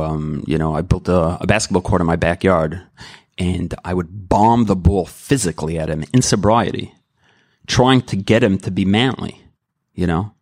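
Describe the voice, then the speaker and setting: A middle-aged man shares his personal testimony at a recovery meeting, speaking in a deep, low voice. He is candid and emotional, circling back and restarting his sentences as he goes. The recording is dry and close, with no room echo. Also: darkish tone. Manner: earnest and rambling, with many restarts. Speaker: member sharing at a recovery meeting.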